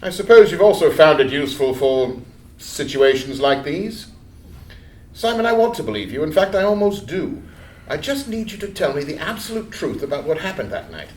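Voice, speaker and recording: A man with an English accent playing a calm, probing agent questioning a suspect in a screenplay reading. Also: on the high side, normal speed. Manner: calm, probing, soft-spoken. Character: smooth British male interrogator agent. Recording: roomy echo.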